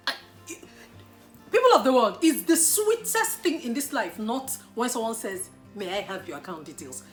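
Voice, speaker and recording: A Nigerian woman answering viewer questions in a casual vlog, animated and playful, with teasing mock-indignant asides. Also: a little high, normal speed, soft background music.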